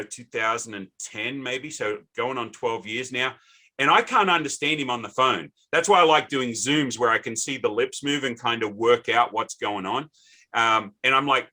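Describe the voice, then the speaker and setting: A man's voice: mid-range voice, pushed and bright. A middle-aged man with an Australian accent hosting a podcast, chatty and rambling through anecdotes. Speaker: podcast host. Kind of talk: casual interview chat.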